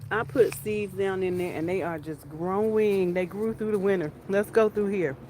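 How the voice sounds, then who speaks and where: A woman gives an excited, chatty tour of her garden outdoors. She keeps repeating herself and calls out to her viewers as y'all. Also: medium pitch, normal speed, a little hiss or hum. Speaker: homestead vlogger.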